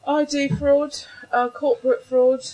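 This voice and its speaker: A woman's voice: high voice, level tone, unhurried, crowd noise, low-quality recording. Chatty woman hosting a comedy panel. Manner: chatty, hesitant, self-mocking. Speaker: host.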